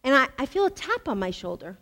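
Animated woman preacher telling a testimony. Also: sits high, fast talker. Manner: animated storytelling, emphatic repeats. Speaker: women's ministry speaker. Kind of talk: sermon with personal testimony.

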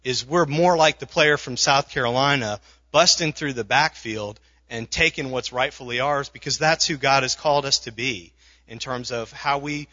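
A man's voice: medium pitch, normal speed, bright, forceful tone, highs cut off. A man preaching a sermon in a conversational way, with frequent restarts and asides. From not from the South. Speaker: pastor.

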